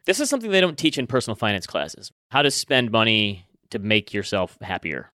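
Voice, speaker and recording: Fast-talking man with a smooth voice. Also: on the low side, big pitch swings, pushed and bright, dry recording. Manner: quick dry interjections, reads listener letters aloud. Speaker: podcast co-host. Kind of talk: casual chat.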